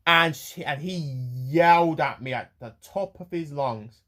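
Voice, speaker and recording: An eighteen-year-old man rants to camera, rambling, with many pauses and restarts. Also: fairly high pitch, fairly bright tone. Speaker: vlogger. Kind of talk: ranting to camera.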